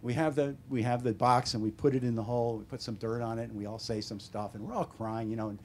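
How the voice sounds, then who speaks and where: A man in his seventies with an American accent, an author telling wry, deadpan stories at a bookstore talk. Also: mid-range voice, fast. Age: 70s. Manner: wry, deadpan humor with animated quoted voices. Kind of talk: casual storytelling Q&A. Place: bookstore event room.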